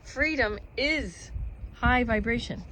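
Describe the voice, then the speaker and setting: A woman's voice: on the high side, takes it slowly, a bit bright, a little hiss or hum, rough recording. A woman musing casually to camera about happiness and freedom. She rambles in an earnest tone, with laughs between thoughts. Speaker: vlogger. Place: outdoors at home with animals.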